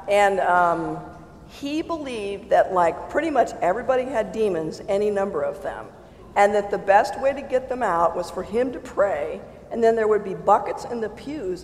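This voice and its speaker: Animated storyteller in an echoey hall. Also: medium pitch, a little hiss or hum. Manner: animated and exclamatory, often laughing mid-sentence. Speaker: churchgoer sharing a personal testimony. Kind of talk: casual storytelling testimony. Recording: roomy hall with long reverb and faint ambience.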